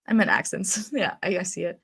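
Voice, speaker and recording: A woman's voice: fairly low pitch, creaky, breathy edge. Chatty streamer woman with a blocked nose. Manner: chatty, reads chat aloud, laughs often, frequent ums and likes. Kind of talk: casual live-stream chat.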